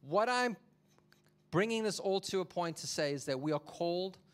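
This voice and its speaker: A man preaching a sermon as a pastor, telling the story in an animated, jokey way. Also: high voice, normal speed, clean tone.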